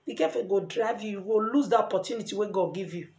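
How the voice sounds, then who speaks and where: A middle-aged woman with a Nigerian Pidgin English accent, earnestly giving lively advice in a casual vlog. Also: medium pitch, fairly quick, few pauses. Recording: echoey room.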